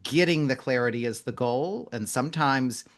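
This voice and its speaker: Gentle man hosting a podcast interview. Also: medium pitch, normal speed. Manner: gentle, affirming, asks open questions. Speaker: podcast host. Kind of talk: conversational interview.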